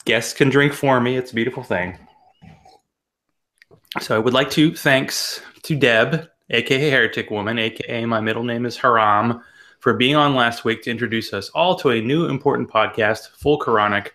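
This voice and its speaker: Male podcast host, middle-pitched, jokey and theatrical on the intro, then relaxed chat. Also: normal speed. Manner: jokey, animated delivery with exaggerated intro. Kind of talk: casual interview podcast.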